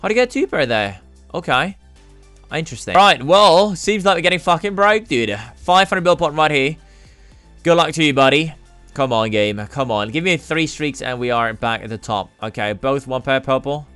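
A man giving excited commentary on his own gambling gameplay, cursing freely and swinging between cheering and groaning. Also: fairly high pitch, normal speed, clear, resonant tone, no echo, faint music behind. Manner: hyped, swears a lot, swings from yelling to groaning. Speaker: gaming YouTuber.

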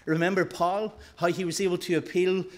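A man preaching a sermon in a church, rising loud for emphasis and dropping soft and slow. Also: high-pitched, little pitch movement. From northern Ireland.

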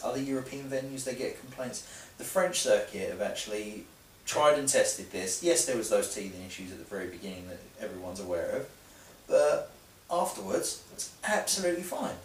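A man's voice: medium pitch, slight background noise. English man ranting in a roomy room. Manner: jokey, ranting, puts on mock voices. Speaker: card game team vlogger. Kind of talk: casual chat. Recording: roomy, distant mic.

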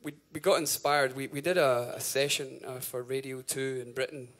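Male band frontman, 30s, mid-pitched, loose stage patter full of "um" and "like", casual cursing. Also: fairly even intonation, normal speed, a bit bright. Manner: chatty, full of fillers, swears and laughs. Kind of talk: rambling stage banter between songs. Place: live concert venue.

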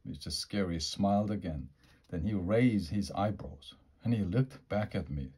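Storyteller, male, children's book read-aloud, calm and measured. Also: deep voice, breathy edge.

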